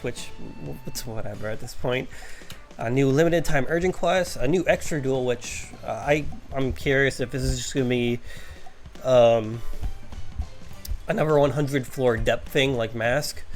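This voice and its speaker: A man, a VTuber, rambling without a script about a game update, sounding tired and filling pauses with ums and restarts. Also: mid-range voice. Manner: tired, yawning, many fillers and restarts. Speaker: vtuber commentator. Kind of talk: unscripted rambling commentary.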